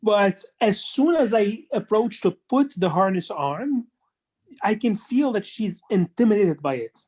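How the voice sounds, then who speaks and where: Woman, class participant, video call, hesitant, halting restarts, mid-range pitch. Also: lively intonation, darkish tone, breathy edge. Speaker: class participant asking a question.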